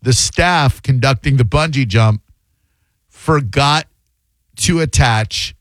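A man's voice: medium pitch, slow pace, dry recording. Slangy, jokey male radio talk host. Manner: loose, jokey, slangy banter. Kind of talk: casual call-in radio chat.

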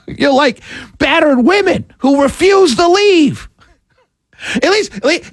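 Animated laughing male talk host. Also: very high-pitched, a little slow, long pauses, no echo. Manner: animated, laughing, mock-preacher cadence. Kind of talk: political commentary monologue.

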